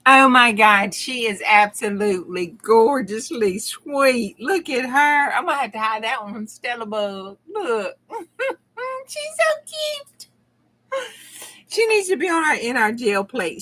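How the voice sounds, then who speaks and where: A woman's voice: fairly high pitch, moderate pace, hardly any pauses, pushed and bright. A middle-aged woman with a Southern US accent, chatting casually with her viewers during a crafting stream and laughing often. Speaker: crafting channel host. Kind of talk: casual crafting livestream chat.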